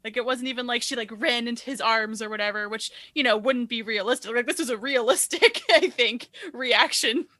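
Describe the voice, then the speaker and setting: A woman's voice: fairly high pitch, a little fast, hardly any pauses, bright, forceful tone, no room sound, clean studio sound. A woman co-hosting a movie podcast, rambling through her points with lots of fillers and giggles. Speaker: podcast co-host. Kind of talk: casual movie-review chat.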